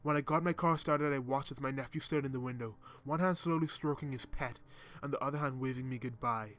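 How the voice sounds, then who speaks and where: A man narrating a horror story as a scripted reading, in a steady, dramatic storytelling manner. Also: mid-range voice, fairly quick. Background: faint music.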